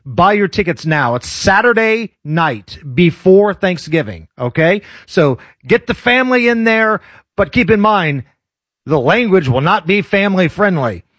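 A man's voice: sits high, sing-song, measured pace, a bit bright, dry recording. A man hosting a radio talk show, chatting casually with a sardonic, joking delivery.

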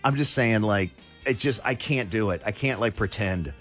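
A man's voice: on the low side, normal speed, soft background music. A man hosting a call-in radio show, joking and self-deprecating in casual banter. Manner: chatty, self-deprecating, jokey. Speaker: radio host. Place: radio studio.

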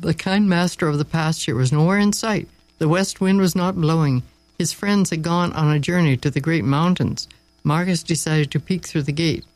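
A man reading a story aloud with expressive, slowed dramatic emphasis. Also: fairly high pitch, no room sound, poor audio. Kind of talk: read-aloud story narration.

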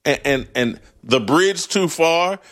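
Blunt, animated talk show host man. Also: on the high side, slow pace. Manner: animated, blunt, laughs often, restarts mid-phrase. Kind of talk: opinionated monologue.

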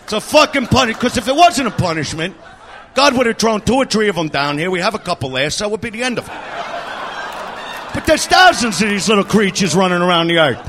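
A man's voice: high voice, sing-song, fast, noisy background. A man doing a crude stand-up rant in a mock-disgusted tone. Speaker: stand-up comedian.

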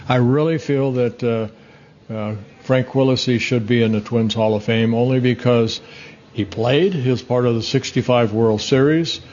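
A man in his sixties, a former pitcher and broadcaster, telling long rambling stories in a casual interview, full of restarts and chuckles. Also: steady tone, measured pace, darkish tone, a little hiss or hum. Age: 60s. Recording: slightly dull, muffled audio.

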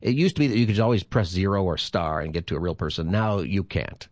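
A man's voice: low voice, fast, a little mellow, dry recording. A man in his fifties hosting a call-in radio talk show as a pastor, chatty and rambling, laughing easily as he talks.

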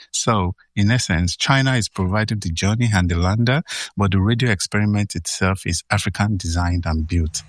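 Earnest low-voiced man explaining science. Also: no echo, studio quality. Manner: enthusiastic, earnest, smiling while talking. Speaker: science guest.

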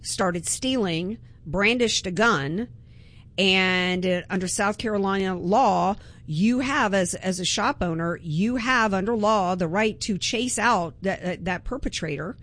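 A woman's voice: medium pitch, measured pace, a bit bright. A woman hosting a political talk radio show, delivering an impassioned, emphatic monologue with frequent restarts.

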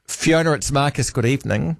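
A man's voice: medium pitch, brisk, vocal fry, no room sound, studio quality. A man hosting talk radio, chatty and musing aloud. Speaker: radio host.

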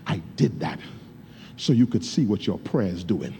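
A low, measured divine voice, as a preacher puts it on, speaking with slow and steady reassurance. Nothing hurries it. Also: male voice, background noise. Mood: calm. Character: God, calm and reassuring, low voice.

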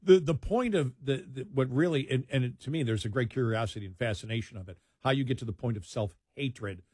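A man's voice: medium pitch, fairly quick, a little mellow, slightly rough, no echo, clean studio sound. An older man from New York hosting a late-night radio talk show, emphatic and full of rhetorical questions.

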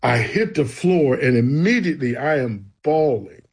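A man's voice: mid-range voice, expressive, moderate pace, husky. A man, a guest, earnestly telling his personal faith testimony in a conversation. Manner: storytelling, earnest and emphatic.

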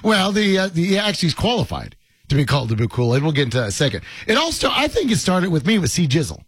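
Sarcastic husky radio host, lively pitch. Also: male voice, fast, no room sound. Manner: sarcastic, teasing, grumbling. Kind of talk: sports radio banter. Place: radio studio.

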